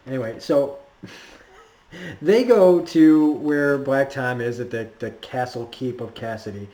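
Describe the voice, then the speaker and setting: A man's voice: mid-range voice, slow, warm tone. A man recapping a cartoon episode in a casual, rambling way, full of fillers and laughs. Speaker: cartoon reviewer. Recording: roomy echo.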